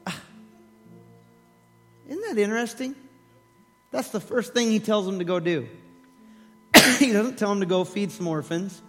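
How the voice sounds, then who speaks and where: A man preaches with a high, lively voice, acting out the story as he tells it. His words ring with long reverb through a church hall, with faint music underneath. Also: unhurried, long pauses. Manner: animated storytelling, acts out voices, laughs. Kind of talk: sermon.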